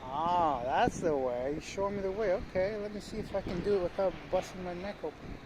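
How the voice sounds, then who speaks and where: A man's voice: high voice, a little fast. Chatty guy vlogging outdoors. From Canada. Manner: chatty, talks straight to viewers and to stray dogs. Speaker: travel vlogger. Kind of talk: casual walking vlog. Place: outdoors on old city streets. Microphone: handheld camera while walking. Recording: outdoor street noise.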